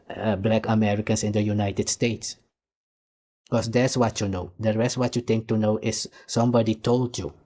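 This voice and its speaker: A man from Suriname with a Surinamese accent gives heated reaction commentary in a fairly low voice. He lectures, repeats himself and keeps pressing the listener to understand. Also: a little mellow. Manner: heated, lecturing, repeats "you see" and "nigga". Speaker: commentator reacting to archive clips.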